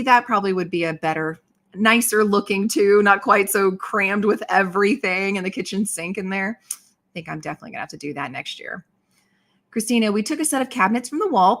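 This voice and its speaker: A woman's voice: medium pitch, fairly bright tone. A woman in her thirties hosting a livestream and reading viewer comments in casual chat, bubbly and exclamatory, laughing often. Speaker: livestream host.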